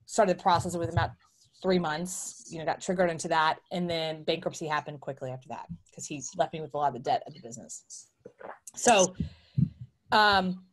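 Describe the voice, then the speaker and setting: A middle-aged woman, a guest entrepreneur, telling her story in a casual interview, acting out the voices she quotes. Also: on the low side. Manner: animated, acts out quoted voices.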